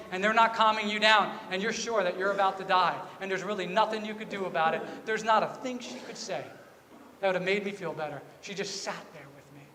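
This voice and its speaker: A man's voice: high voice, sharp tone, slight background noise. Guy pastor preaching, earnest and kinda confessional, repeats stuff, echoey church room. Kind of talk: sermon. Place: church sanctuary. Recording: reverberant church hall with faint ambience.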